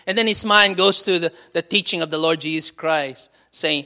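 A man's voice: sits high, fairly even intonation, normal speed, vocal fry, bright, forceful tone. A man preaching a sermon as pastor, with frequent call-and-response and light laughter. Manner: call-and-response, asking "Amen?" and laughing often.

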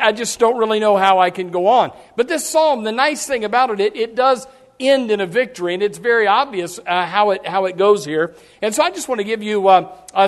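Very high-voiced folksy man preaching. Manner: folksy, repetitive restarts, acts out quotes. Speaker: pastor. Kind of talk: sermon.

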